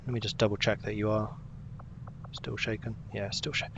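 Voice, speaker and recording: A man's voice: fairly low pitch, level tone, normal speed, vocal fry, fairly bright tone, husky, dull audio. A young man casually commenting as he plays a game, chatting with his viewers. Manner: chatty, talks to himself and to chat while playing. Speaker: game streamer.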